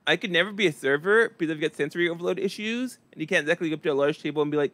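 Man, stand-up comedy, deadpan monotone, slightly high voice, dry sound. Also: racing, few pauses, dry recording.

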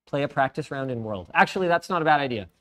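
A man's voice: mid-range voice, animated, fast talker, fairly bright tone. A man from Canada in a casual gaming chat, matter-of-factly explaining tech and correcting his friend. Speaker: guest streamer.

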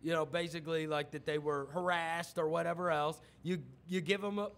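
High-voiced animated male radio host. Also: brisk. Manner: animated storyteller, mimics others loudly. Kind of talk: casual studio chat. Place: radio studio.

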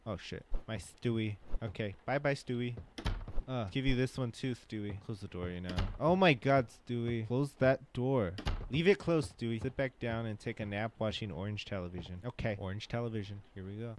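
A man giving excitable, jokey commentary while playing a game, swearing and talking to an on-screen baby. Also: fairly low pitch, normal speed, music in the background. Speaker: gaming channel host. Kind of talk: casual let's-play commentary.

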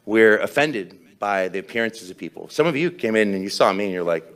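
A pastor preaching a sermon with humorous, self-deprecating storytelling. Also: male voice, lowish voice, animated, a little fast, fairly bright tone.

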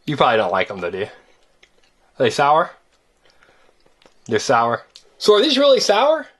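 A woman with a very deep, slightly rough voice hosts a toy-unboxing video at normal speed. She chats with a child in an animated, teasing, sing-song way as they open surprise eggs together.

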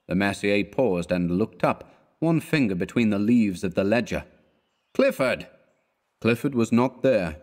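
A man reading a classic short story aloud as an audiobook narrator, in a measured manner. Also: fairly low pitch, darkish tone.

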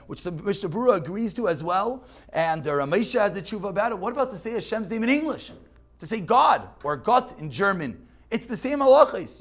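A man teaching an informal religious class, animated, with loud bursts, quiet asides and slowly chanted quotes. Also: high voice.

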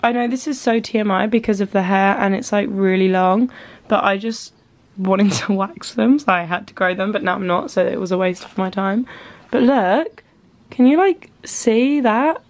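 A woman's voice: mid-range voice, fairly even intonation, brisk, no room sound. A young woman, vlogging in a chatty, rambling and nervous way to her phone camera. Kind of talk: casual chat to camera.

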